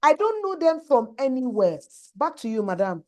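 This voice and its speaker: A woman's voice: high-pitched, very animated, moderate pace, mellow. A woman teaching girls in an online class, earnest and emphatic, repeating her key points.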